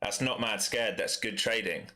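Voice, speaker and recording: This day trader, a man from East London speaking with a London accent, offers casual, blunt live commentary on his trades while answering chat. He has a fairly low pitch and a bright, forceful tone, speaking at normal speed.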